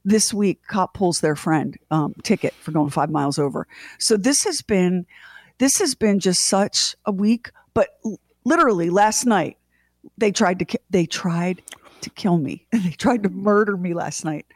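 A woman's voice: on the low side, unhurried, no echo, clean studio sound. A middle-aged woman co-hosting a morning radio show, retelling a family story dramatically with lots of restarts. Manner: animated, dramatic retelling with restarts and acted-out quotes. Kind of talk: casual on-air storytelling.

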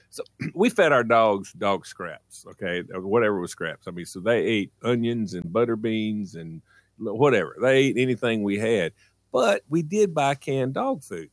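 Lively rambling male radio storyteller. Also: mid-range voice, normal speed, no room sound, clean studio sound. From rural countryside. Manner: rambling, animated storyteller who restarts sentences. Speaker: radio show co-host. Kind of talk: casual storytelling on morning radio.

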